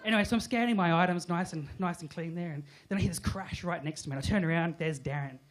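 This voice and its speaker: A woman's voice: lowish voice, fast, a faint crowd. A woman telling a live stand-up story in a dry, expletive-laced way. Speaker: stand-up comedian. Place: comedy club stage.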